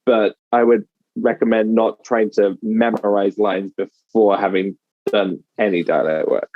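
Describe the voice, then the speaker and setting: A man with a Midlands English accent, a dialect coach explaining his methods in a podcast interview in a measured way. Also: on the low side, flat delivery, muffled recording, a little hiss or hum. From England.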